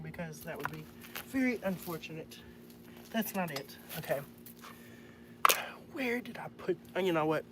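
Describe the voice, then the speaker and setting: Man, casual livestream talk, mutters to himself, phone mic, noisy background. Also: high-pitched. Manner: chatty, muttering to himself as he works. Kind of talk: casual live-stream commentary while repairing.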